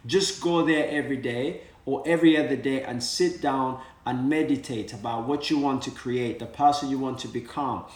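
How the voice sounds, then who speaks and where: Earnest motivational speaker, echoey and distant. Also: male voice, mid-range voice, moderate pace, few pauses, a little mellow. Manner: earnest, repetitive, many fillers. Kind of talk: motivational talk. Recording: echoey room, voice from far off.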